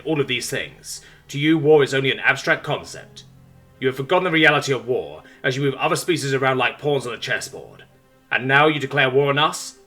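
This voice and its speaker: A man's voice: mid-range voice, sharp tone, voice pushed up. A man voicing a weary male human ambassador who speaks firmly and sarcastically. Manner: sarcastic, firm.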